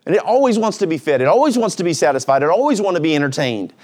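A male pastor preaching a sermon in a lively, conversational way, dropping to a quiet low voice at reflective moments. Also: very fast. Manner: energetic, conversational preaching with sudden pitch swings.

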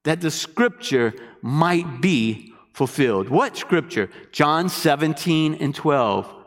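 Slow-talking guy preaching, sings out questions to the crowd, big hall reverb. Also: on the high side. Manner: animated preaching with call-and-response questions. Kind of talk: sermon.

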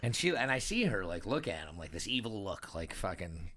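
A man's voice: low-pitched, sing-song, brisk, crowd noise. A man casually telling a story to a friend, rambling, swearing freely and laughing as he goes. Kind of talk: casual chat.

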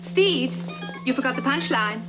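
An actress playing a brisk female agent who teases her partner. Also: high-pitched, expressive. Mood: teasing. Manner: teasing, rapid. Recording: old TV clip under loud music.

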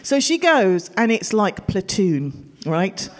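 A woman telling a true story of her own to a live audience, animated and exasperated by turns, often laughing and acting out her family's voices. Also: medium pitch, slow, noisy background. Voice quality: expressive, swings into loud exasperated outbursts.

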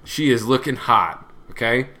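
A man's voice: medium pitch, expressive, a little slow, pushed and bright. A young man co-hosting a casual comedy podcast, spinning a story and laughing often as he acts out other people's lines. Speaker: podcast co-host.

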